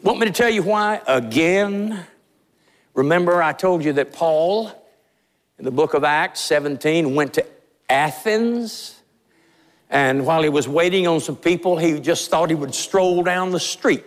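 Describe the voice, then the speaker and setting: Male pastor, high voice, fiery emphatic sermon, long echo of a large church hall. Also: unhurried. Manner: fiery, emphatic preaching with rising intensity. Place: church sanctuary.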